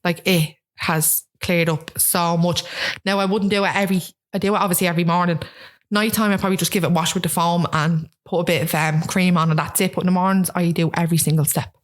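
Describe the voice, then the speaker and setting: A woman's voice: fairly low pitch, fast. A woman in her thirties with a Dublin accent, telling stories in a casual interview chat and acting out what people said. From Ireland. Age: 30s. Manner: animated storytelling, acts out quoted voices. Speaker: guest.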